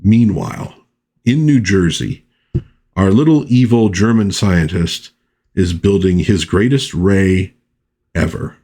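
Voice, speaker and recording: A man's voice: sits low, lively intonation, slow pace, dark tone. A man casually recapping an old comic book issue, chatting about the plot with his own asides.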